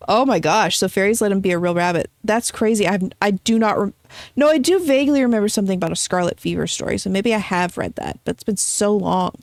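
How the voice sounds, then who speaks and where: A woman's voice: mid-range voice, expressive, quick pace, a little mellow, no room sound, studio quality. Chatty woman streamer teasing her chat. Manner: chatty, playful, teasing chat and reading out messages. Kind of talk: casual gameplay live-stream chat.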